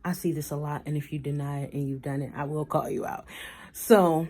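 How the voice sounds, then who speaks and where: Blunt low-voiced woman ranting. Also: steady tone, fairly quick, mellow. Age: 30s. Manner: blunt and outspoken, swears freely; mocks others with trailing "da, da, da". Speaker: vlogger. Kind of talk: casual opinion rant to camera.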